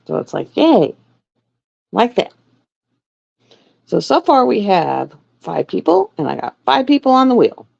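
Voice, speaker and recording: Sewing during her livestream, a middle-aged woman chats casually and rambles through stories. Her voice sits a little high and is a little mellow, very animated but unhurried, with vocal fry and frequent pauses. The recording is dull, dry and lo-fi.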